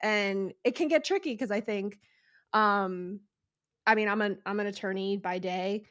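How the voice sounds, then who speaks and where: A woman's voice: medium pitch, measured pace, a bit bright, dry recording, studio quality. A woman hosting a podcast, talking casually and peppering her speech with fillers like "like" and "um". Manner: chatty, fills speech with "like" and "um". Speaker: podcast host.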